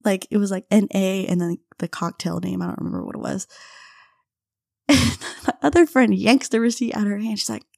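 A young woman hosting a podcast, telling a casual story with frequent laughs and quick impressions of her friends. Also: medium pitch, fairly even intonation, creaky, a little mellow, no room sound, studio quality. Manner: chatty, laughs often, mimics friends in quotes. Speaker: podcast host.

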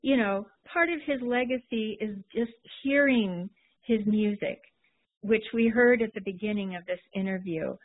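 A woman hosting a podcast interview, effusive and warm in her words, calling her guest darling. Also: medium pitch. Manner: effusive, calls people darling. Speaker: podcast host. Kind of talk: casual interview talk. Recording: phone-like call audio.

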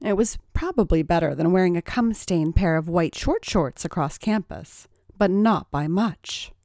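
A woman's voice: fairly low pitch, normal speed, dark tone, no echo, studio quality. A woman narrating scripted adult fiction who reads expressively and gives each character a voice.

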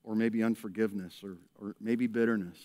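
A male pastor preaching a lively sermon to his church, acting out people in a raised voice and dropping to a hushed tone in prayer. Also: fairly low pitch, fairly quick. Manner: animated, acts out characters in raised voice, drops to hushed prayer. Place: church service.

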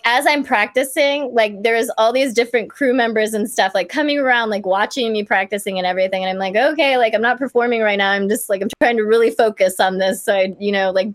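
Young woman, from Kansas, bubbly, rambling with fillers, bright-ish pitch, dry recording. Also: quick pace, few pauses, no echo. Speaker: guest performer. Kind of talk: casual storytelling.

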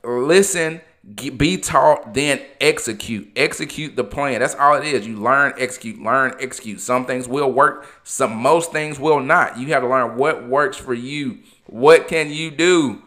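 A man's voice: medium pitch, a little slow, bright, forceful tone. A man hosting a podcast, giving an impassioned, informal motivational talk, repeating phrases for emphasis. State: emotional. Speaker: podcast host.

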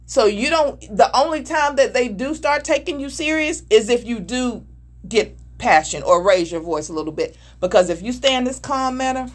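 A woman's voice: fairly high pitch, lively intonation, moderate pace. A middle-aged woman speaking candidly and emphatically in a conversation, now and then acting out other voices. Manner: earnest, emphatic, acts out voices mid-story. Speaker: married panelist discussing communication.

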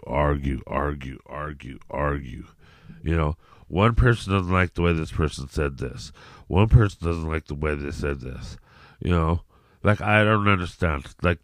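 A man's voice: low-pitched, dry recording, clean studio sound. A man hosting a solo podcast in a rambling, profane rant, with many restarts and repeated "you know what I mean". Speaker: podcast host.

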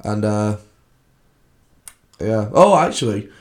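A man's voice: lowish voice, animated, slow. A young man co-hosting a podcast, telling a sweary pub story in casual banter. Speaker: podcast co-host. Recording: echoey room.

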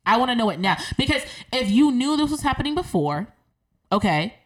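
A woman's voice: on the high side, brisk. A woman co-hosting a podcast in casual chat, telling stories and acting out the people she quotes. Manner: animated storyteller, acts out quoted voices. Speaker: podcast co-host.

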